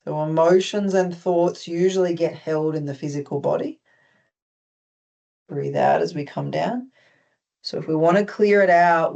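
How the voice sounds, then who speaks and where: Australian accent, calm movement instructor, step-by-step stretching cues, light humor. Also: mid-range voice, gravelly, muffled recording. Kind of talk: guided stretching class.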